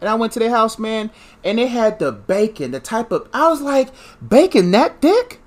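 A man in casual comedic conversation, telling animated stories and acting out family scenes. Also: sits high, a little fast. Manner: animated storytelling, acts out his mom and kid self.

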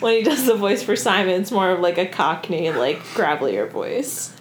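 A woman's voice: on the low side, lively intonation, moderate pace. A woman co-host talks loosely through a book she has read, full of fillers and cursing. Her voice bounces around an echoey room. A faint background noise sits under it. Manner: chatty, lots of fillers and swearing, laughs often. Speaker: podcast co-host. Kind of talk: casual book discussion chat.

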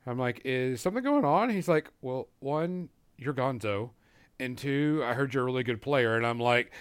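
A man's voice: medium pitch, lively intonation, normal speed, smooth, no echo. Man, podcast co-host, casual storytelling, swearing, dry close sound. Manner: swearing, storytelling with acted-out quotes. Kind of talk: casual chat.

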